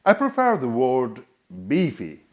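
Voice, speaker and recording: A man narrates a scripted guitar review voice-over in a measured, explanatory manner. He talks slowly and keeps his pitch moving up and down. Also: wildly swooping pitch, very noisy.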